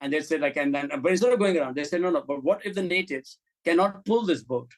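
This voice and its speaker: On the high side and quick-paced, this middle-aged film director's voice comes through poor audio. Interviewed as a guest, he tells animated, frank stories, swearing bluntly and performing the dialogue.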